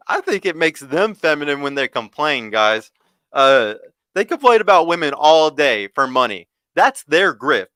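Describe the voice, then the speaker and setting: A young man with a drawl rants heatedly on a podcast livestream, tripping over his own words and repeating himself. His voice is bright and forceful, crisp and clear, and the recording is close and dry. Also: sits high, no echo. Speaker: podcast host.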